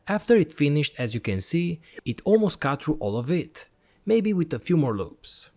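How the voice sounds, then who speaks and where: A man's voice: fairly high pitch, sing-song, normal speed, a little mellow. A man hosting an electronics channel, narrating a product review voice-over in an enthusiastic, step-by-step explanatory way.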